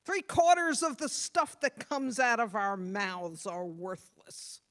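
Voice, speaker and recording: A woman pastor giving a sermon, earnest and motherly, stressing points hard and then dropping to soft tones. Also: fairly high pitch, very animated, slow. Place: church.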